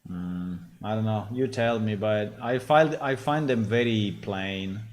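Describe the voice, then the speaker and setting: A man's voice: fairly low pitch, measured pace, slight background noise. A man, a game developer, thinking aloud in a casual dev vlog, hesitant with many restarts.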